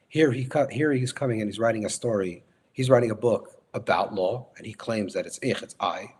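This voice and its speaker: A man's voice: medium pitch, a little mellow, breathy edge. A man, a rabbi, retelling a story as a lesson, restating his phrases and explaining Hebrew and Yiddish terms in English. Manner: unhurried, repeats and corrects himself mid-sentence. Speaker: rabbi teaching. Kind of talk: storytelling lecture.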